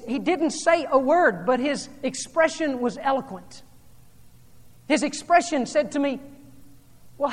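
A woman preacher delivering a sermon, telling a story and then speaking in hushed, earnest tones. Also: medium pitch. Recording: long hall reverb.

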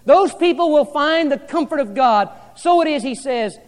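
A male pastor preaching a sermon to a congregation, rising loud and dropping soft by turns. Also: very high-pitched, animated, normal speed, in a large hall. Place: church hall with an audience.

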